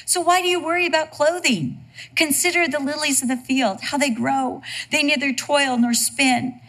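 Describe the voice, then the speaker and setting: A woman preaching a sermon in a lively, humorous storytelling way. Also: on the high side.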